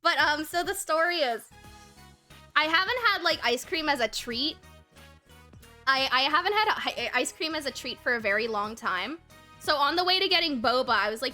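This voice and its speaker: A woman's voice: high voice, animated, normal speed, pushed and bright, soft background music. A young woman livestreaming a game, chatting casually with her chat, giggling often, swearing freely and reading game text aloud. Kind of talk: casual gaming stream chat.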